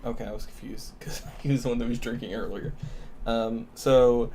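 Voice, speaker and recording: A man's voice: medium pitch, steady tone, moderate pace, warm tone, slight background noise. A man playing a tabletop game, casually describing what his character does. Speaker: player.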